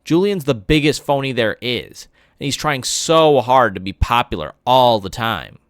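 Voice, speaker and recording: Woman doing an exasperated schoolboy, pitched up. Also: expressive, unhurried, dry recording, clean studio sound. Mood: insistent. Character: middle school boy, blunt, exasperated.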